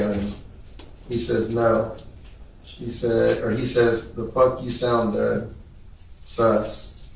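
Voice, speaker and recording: Man, witness reading texts aloud, monotone, unhurried, distant mic. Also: mid-range voice, gravelly, a little hiss or hum. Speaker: trial witness reading text messages. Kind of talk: reading messages aloud in court testimony. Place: courtroom. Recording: echoey room, voice picked up from a distance.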